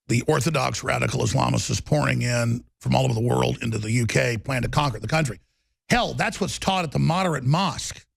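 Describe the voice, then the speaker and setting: A male talk show host delivering a loud, rambling monologue with a gravelly voice, bursting into shouting. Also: mid-range voice, no room sound. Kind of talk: ranting monologue.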